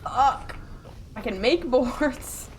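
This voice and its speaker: A woman from Upper Michigan, USA, streams while gaming and chats casually in a Yooper accent with round-sounding words and soft consonants, rambling and laughing often. Her voice is high, expressive, and very slow. A close desk mic picks her up along with a little hiss or hum.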